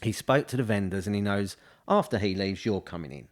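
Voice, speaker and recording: This time the estate agent co-host sounds brisk, his fairly low voice carrying lively intonation over the studio podcast mic. He rambles through his points in a casual way, restarting sentences and dropping in "you know" again and again.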